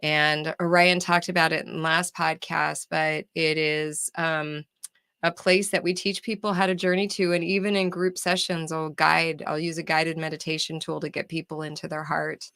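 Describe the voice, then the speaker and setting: A woman guest on a spiritual podcast explains her practice in an earnest, teaching manner. Her voice sits low and gravelly. The sound is dry and close, with no room around it. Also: flat delivery, normal speed, a bit bright, no room sound. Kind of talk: casual podcast chat.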